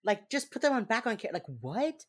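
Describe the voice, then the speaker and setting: A woman's voice: a little high, sing-song, brisk. A young woman co-hosting a podcast, recapping a TV episode in casual chat, full of fillers and laughing as she acts out the characters' lines. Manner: chatty, lots of fillers, acts out quotes with laughs.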